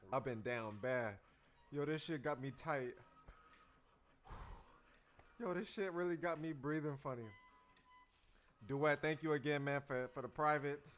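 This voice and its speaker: A man's voice: a little high, a little slow, pauses often, a bit bright, soft background music. A man hosting a casual livestream as a dance teacher, talking loosely in slang to his viewers and repeating his phrases.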